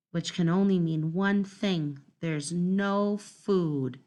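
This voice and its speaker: A woman reading a children's storybook aloud in the first person, telling it in an expressive, dramatic way. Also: on the low side, slow, few pauses. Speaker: storybook narrator.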